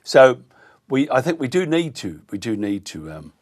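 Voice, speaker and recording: An Australian man hosting talk radio, indignant and halting, with many fillers. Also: medium pitch, big pitch swings. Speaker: radio host.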